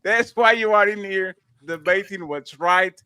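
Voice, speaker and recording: A man's voice: sits high, measured pace, sharp tone, clear, resonant tone, dry recording, clean studio sound. A man hosting a live panel show, reading viewer comments aloud with exaggerated, laughing delivery. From Portugal. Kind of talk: casual chat, reading super chats.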